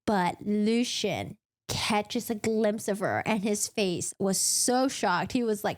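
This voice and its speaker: A young adult woman vlogger recapping a book in a chatty, animated way, with asides. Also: medium pitch, slow.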